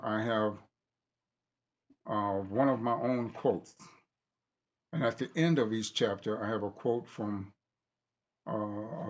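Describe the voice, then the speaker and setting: A man reading aloud from a book he wrote, deliberate and halting, stopping to correct himself. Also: on the low side, lo-fi sound. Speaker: author reading his own book.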